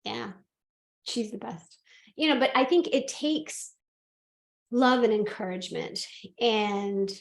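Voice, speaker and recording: A woman hosting a podcast, telling a personal story in casual chat, animated and laughing often as she acts out what people said. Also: fairly high pitch, slow, gravelly, long pauses, roomy sound. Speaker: podcast host and medium.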